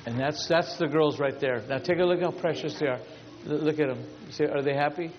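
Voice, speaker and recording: Male pastor, fairly high voice, emphatic storytelling preacher; dull lo-fi recording with long hall reverb. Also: a little fast. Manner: emphatic, builds long repetitive lists. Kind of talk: storytelling sermon.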